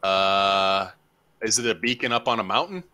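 A man's voice: lowish voice, moderate pace, sharp tone. A man in casual voice chat, rambling and commenting on his own play while gaming with friends. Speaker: gamer.

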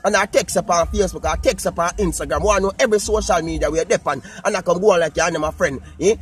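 A man with a Jamaican accent talking casually to his viewers in patois, animated and repetitive. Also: sits high, fast, soft background music. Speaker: vlogger. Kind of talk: casual talk to camera.

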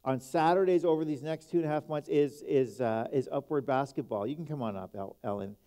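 Male pastor, warm dark tone, casual hesitant pulpit announcements. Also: medium pitch. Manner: relaxed, halting speech with fillers. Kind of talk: church announcements and introduction.

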